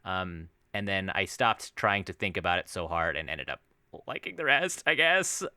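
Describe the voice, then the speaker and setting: Animated young man with lively swings. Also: deep voice, normal speed, smooth, no echo, clean studio sound. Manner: animated, laughing, swears freely. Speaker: podcast co-host. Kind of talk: casual chat.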